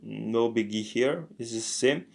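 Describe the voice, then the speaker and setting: A man leads a casual online language lesson at a slow, unhurried pace. He speaks haltingly, thinking aloud, filling pauses and correcting himself as he goes. His voice sits at an ordinary pitch for a man. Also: gravelly. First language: French. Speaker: language teacher.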